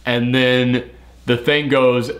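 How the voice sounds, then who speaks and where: Casual male film reviewer, tired, rambling, laughs at his own mistakes, mid pitch. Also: level tone, takes it slowly, a bit bright. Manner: rambling, loopy, laughing at own mix-ups. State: sleep-deprived. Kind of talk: casual movie review chat.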